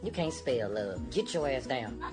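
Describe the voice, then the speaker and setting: A woman doing a loud scolding mom. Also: a bass voice, big pitch swings, music in the background. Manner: rapid-fire scolding one-liners. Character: strict scolding mother, loud and bossy.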